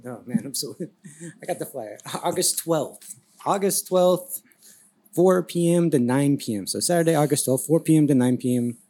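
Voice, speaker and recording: A man's voice: fairly high pitch, normal speed, dark tone. A man chatting as a guest artist on a podcast, laid-back and enthusiastic, swearing casually. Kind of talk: casual chat.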